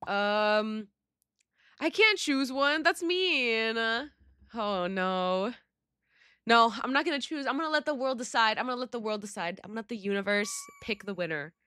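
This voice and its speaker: A woman's voice: on the high side, animated, moderate pace, sharp tone, smooth, dry recording, clean studio sound. A young woman giving bubbly, dramatic, slangy commentary while playing a game, with sudden squeals. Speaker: gaming YouTuber. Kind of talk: casual gaming commentary.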